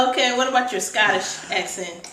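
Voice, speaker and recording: A woman's voice: mid-range voice, normal speed, a loud crowd. A woman hairstylist hosting a casual hair tutorial, chatty and explaining step by step. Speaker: hairstylist, host. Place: hair salon indoors. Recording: roomy room echo.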